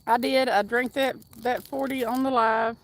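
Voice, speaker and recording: A woman's voice: fairly high pitch, fairly even intonation, moderate pace. A woman hosting a casual livestream outdoors by the water, reading viewer comments aloud in an upbeat, chatty way and whooping now and then. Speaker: livestream host. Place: outdoors by the water while fishing.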